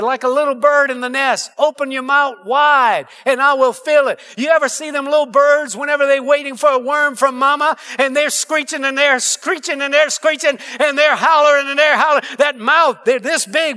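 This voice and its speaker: A man's voice: very high voice, sharp tone. A male pastor preaching a sermon in church, calling out to the congregation for amens. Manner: preaching with call-and-response asides. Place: church sanctuary.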